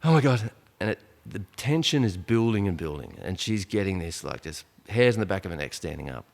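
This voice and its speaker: Aussie guy telling a story, lots of likes and asides, deep voice. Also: brisk, creaky. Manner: animated, full of fillers and asides. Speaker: podcast guest. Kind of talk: casual storytelling. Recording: long reverb, echoey room.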